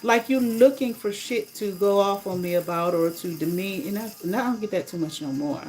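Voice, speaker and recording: A woman's voice: mid-range voice, fairly quick, a little mellow, a little hiss or hum, rough recording. A woman on a casual livestream, telling a story bluntly and indignantly and swearing freely. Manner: blunt, profane, indignant retelling. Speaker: livestreamer and rideshare driver.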